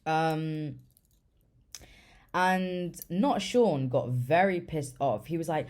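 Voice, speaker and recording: A woman's voice: low-pitched, drawn-out words, darkish tone. A young woman chats through a storytime vlog in a loose, rambling way. Her talk is full of swearing and casual fillers. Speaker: vlogger.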